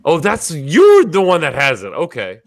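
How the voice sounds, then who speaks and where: A man's voice: on the high side, huge pitch swings, normal speed, no room sound, studio quality. Tipsy, boisterous man hosting a livestream. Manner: boisterous, swearing, laughing often, tipsy. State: tipsy from drinking. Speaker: podcast host. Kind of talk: casual livestream chat.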